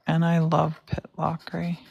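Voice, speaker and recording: A woman chatting in a relaxed way while she paints, hosting the session. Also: low voice, unhurried, gravelly, slightly rough, no echo, highs cut off. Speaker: painting host. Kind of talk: casual chat while painting.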